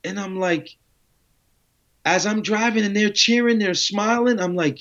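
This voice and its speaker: Telling his story as an interview guest, this man is animated, performing the dialogue with slang and curse words over a long, casual tale. He has a high voice and an unhurried delivery, captured in muffled lo-fi audio.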